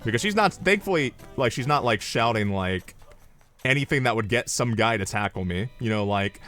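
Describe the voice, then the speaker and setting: A young man tells stories on a livestream, animated and profane, wandering into side tangents. His pitch sits in a middling range, with faint music behind him. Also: normal speed. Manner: animated, profane, rambling asides. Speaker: streamer. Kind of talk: casual storytelling on a livestream.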